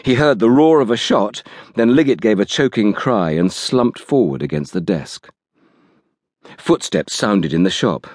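A man reading an audiobook thriller aloud in a measured, dramatic storytelling manner. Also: on the low side, expressive, a little mellow, no room sound, clean studio sound. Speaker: audiobook narrator. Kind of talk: scripted narration.

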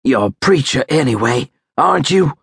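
A man's voice: medium pitch, lively intonation, normal speed, gravelly, husky, dry recording, clean studio sound, voice pushed up, exaggerated voice. A man voicing a frightened wounded young soldier. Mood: pleading. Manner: pleading, panicky. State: in pain, gasping.

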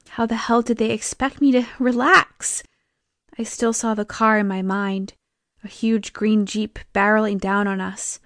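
A woman's voice: a little high, no echo, clean studio sound. A young woman reading a first-person audiobook in a tense, emotive storytelling manner. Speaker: audiobook narrator.

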